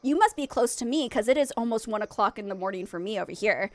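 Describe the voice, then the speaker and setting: A young adult woman streaming a game live, bubbly and excitable, chatting with viewers and laughing often. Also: fairly high pitch, fast, no echo. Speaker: variety streamer.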